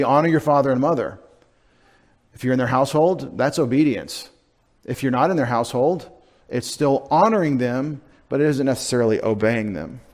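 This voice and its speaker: A middle-aged man, preaching a sermon in a conversational, self-deprecating way, dropping into quiet asides. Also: medium pitch. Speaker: pastor.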